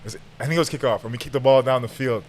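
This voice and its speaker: A young man guest on a podcast, telling a story in a casual, animated, slangy way and laughing as he goes. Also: mid-range voice, very fast.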